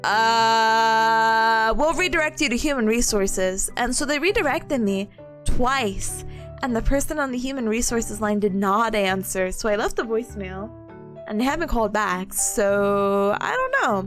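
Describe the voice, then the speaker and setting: A young woman with a high, bouncy voice that swoops up and down, chatting and storytelling on a livestream. She acts out quoted voices and laughs often, with faint music playing underneath. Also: expressive, normal speed, a bit bright. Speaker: streamer. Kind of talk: casual chat stream.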